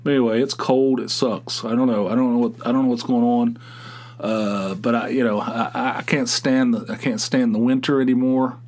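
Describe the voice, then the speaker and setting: A man's voice: mid-range voice, steady tone, moderate pace, darkish tone. A middle-aged man from Pennsylvania hosting a solo podcast, rambling and grumbling in casual chat, with frequent restarts and "you know"s. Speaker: podcast host.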